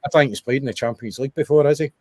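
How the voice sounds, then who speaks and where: A man's voice: medium pitch, rapid-fire, darkish tone, no echo. A young Scottish man co-hosting a podcast, chatting casually and rambling about football. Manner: chatty, rambling with restarts and wee asides. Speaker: podcast co-host.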